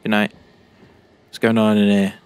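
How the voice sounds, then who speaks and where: A man's voice: on the low side, monotone, normal speed, darkish tone, clean tone. Joking British man playing a game. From Britain. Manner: jokey, talks to the game characters. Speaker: gaming YouTuber. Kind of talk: game commentary.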